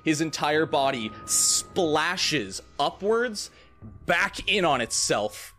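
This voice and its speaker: Lively male game master. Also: fairly high pitch, takes it slowly. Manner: vivid, suspenseful description with playful asides. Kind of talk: narrating a tabletop game.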